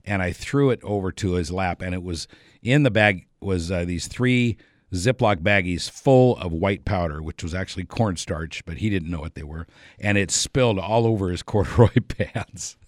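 A man casually telling a long anecdote, relaxed and rambling, chuckling often along the way. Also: deep voice, moderate pace, no echo, studio quality. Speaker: storyteller.

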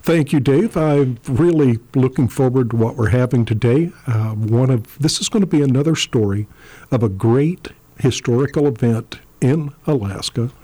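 A man hosting a radio history program, asking questions in a measured, halting way. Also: medium pitch, dark tone. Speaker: radio show host. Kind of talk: radio interview.

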